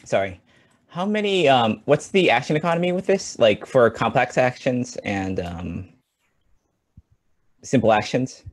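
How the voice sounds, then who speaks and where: A man's voice: medium pitch, expressive, unhurried, dry recording. A man playing a tabletop game over an online voice call, rambling with lots of "like" and "um". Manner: rambling, full of "like" and "um". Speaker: player. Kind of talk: casual tabletop game play.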